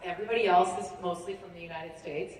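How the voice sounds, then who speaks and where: A woman's voice: fairly low pitch, steady tone, fast talker, a little hiss or hum. A woman from Saskatchewan with a Canadian accent, chatting on a convention panel in a giggly, rambling way. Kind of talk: casual panel chat. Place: large convention hall. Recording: echoey hall audio from far off.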